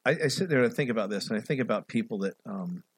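A middle-aged male pastor preaching an animated sermon, swinging between loud, raised passages and quiet asides. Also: on the low side, rapid-fire, husky, no room sound.

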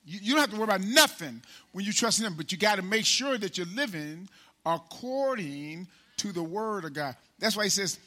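A pastor delivers a sermon in a high, very bright and ringing man's voice. He talks to the congregation in a folksy, familiar way and keeps checking in with them. He builds to loud, rising calls and then drops to hushed, low asides. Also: expressive, fairly quick. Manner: preaching with loud call-and-response swells and sudden hushed drops; casual, folksy with repeated "man" and "right?".

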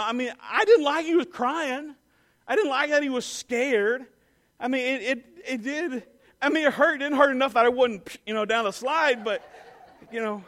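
A man telling an animated personal story to an audience, full of "you know" and "I mean". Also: very high-pitched.

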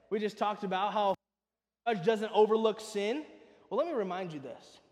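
A man preaching a sermon, emphatic and swinging between loud, pressing lines and hushed ones. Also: sits high, lively intonation, moderate pace, long reverb tail.

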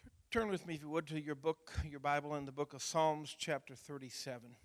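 A middle-aged man preaching as a pastor, chatting in a folksy way before reading scripture in a measured voice. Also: fairly high pitch. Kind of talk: sermon. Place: church sanctuary. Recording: church hall reverb.

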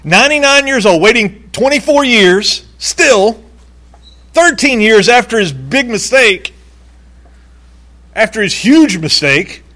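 Animated preacher, fairly high voice. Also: male voice, slow pace, long pauses. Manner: animated, acts out quoted voices, laughs now and then. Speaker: pastor. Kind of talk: sermon.

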